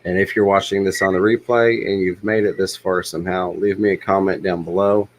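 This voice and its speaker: Low-voiced man hosting a livestream. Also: fairly quick, low-quality recording. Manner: relaxed, rambling, many ums. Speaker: livestream host. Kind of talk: casual livestream chat.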